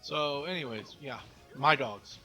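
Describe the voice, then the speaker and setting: Casting note: man, let's play co-host, slow halting delivery, bright tone, soft game music behind. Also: mid-range voice, rough recording. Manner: halting, many fillers and restarts. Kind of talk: casual gaming chat.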